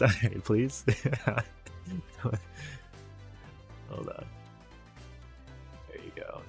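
A man's voice: mid-range voice, extremely slow, gravelly, long pauses, darkish tone, faint music behind. A man streaming a video game, with casual, joking, profane commentary. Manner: joking, swears, laughs often.

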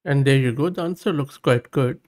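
A man hosting a screen-recorded software tutorial, thinking aloud as he runs tests, reading prompts and outputs aloud, and giving upbeat, plain-spoken verdicts. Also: medium pitch, brisk. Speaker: tech channel host.

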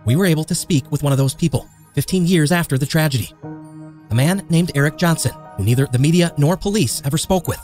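A man's voice: a little high, quick pace, darkish tone. A man narrating a true crime story in a grave, scripted way. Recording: faint music underneath.

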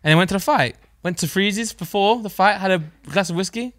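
A man's voice: sits high, fairly quick, a bit bright, no echo, clean studio sound. A young man co-hosting a podcast, chatting and telling stories with laughs and restarts. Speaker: podcast co-host. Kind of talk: casual chat.

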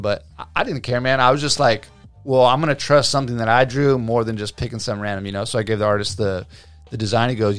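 In a dry recording with faint background music, a man of medium pitch talks fast. This tattoo artist guest in his thirties tells his story in a lively, casual way, acting out what people said and filling his speech with fillers.

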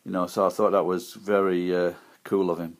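A man from Sheffield talks into his iPad camera with a broad Yorkshire accent. His voice sits fairly low, and he rambles, stopping and restarting his sentences as he chats casually to viewers. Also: flat delivery. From Sheffield, England. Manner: rambling, halting, with many restarts and pauses. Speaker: vlogger.

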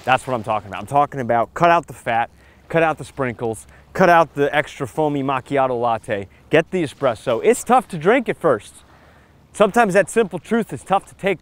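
A man talking straight to camera on a beach in a punchy, emphatic vlog style, pitching marketing advice in short, hyped lines. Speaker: marketing vlogger. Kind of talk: casual vlog talk to camera. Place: outdoors on a beach.

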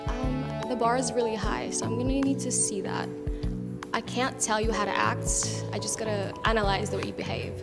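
Woman on a dating clip, fairly high voice, cool and choosy, loud music behind. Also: fairly even intonation, moderate pace. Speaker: dating show contestant. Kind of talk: casual chat.

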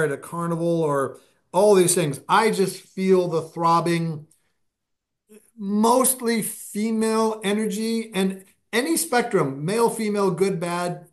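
A man, a podcast guest, telling anecdotes in a casual, animated interview style, his pace speeding up and slowing down. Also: a little high.

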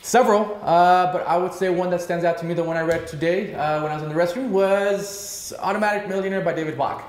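A man in his thirties answering rapid-fire questions, upbeat and emphatic, with frequent filler sounds. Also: sits high, fairly even intonation, echoey room. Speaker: real estate broker interviewee.

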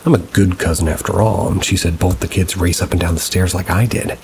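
Deep-voiced man narrating over rain. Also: a little fast, creaky, background noise. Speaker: story narrator. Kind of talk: reading paranormal stories aloud. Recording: steady rain sounds behind the voice. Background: rain ambience.

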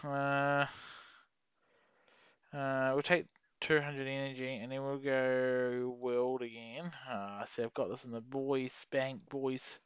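A young man giving rambling, sweary commentary while playing a geography game, with sudden excited outbursts. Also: medium pitch, takes it slowly, clear, resonant tone, dry recording, dull audio. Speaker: gaming YouTuber. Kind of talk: casual gameplay commentary.

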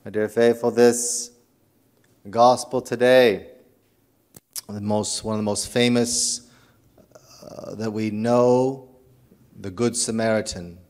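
A man's voice: fairly low pitch, takes it slowly, long pauses. A man, a priest, preaching a sermon in an earnest, storytelling way, with frequent restarts and repeated words. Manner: earnest, animated storytelling with acted quotes.

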